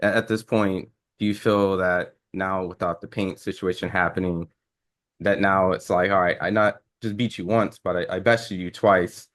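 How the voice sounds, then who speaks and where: A man's voice: low-pitched, steady tone, normal speed, a bit bright. A man interviewing a fighter, asking long, hesitant questions full of "um" and restarts.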